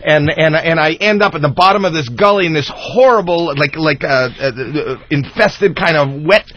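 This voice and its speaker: A man guesting on a talk radio show, telling a comic story in an excitable, rambling way full of restarts. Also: a little high, normal speed, dry recording. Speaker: guest comedian. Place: radio studio. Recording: muffled radio broadcast.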